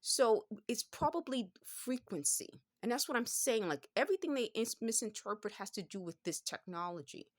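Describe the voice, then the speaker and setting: A woman's voice: on the high side, sing-song, moderate pace, hardly any pauses, no room sound, studio quality. A woman in her fifties with a New York accent, talking through a rambling vlog monologue and often stopping to correct herself. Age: 50s. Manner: rambling, circling back with frequent self-corrections.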